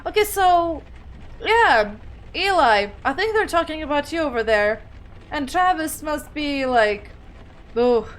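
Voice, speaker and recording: Giggly high-voiced woman streamer. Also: animated, takes it slowly. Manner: giggly, self-deprecating. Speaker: let's play streamer. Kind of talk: casual gameplay commentary.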